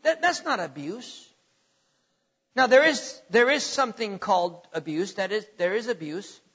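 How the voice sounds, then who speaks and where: A man's voice: high-pitched, animated, a little slow, fairly bright tone, breathy edge. A middle-aged man preaching a sermon with emphatic, dramatic swings in volume and pace, recorded with dull lo-fi sound and a long hall reverb.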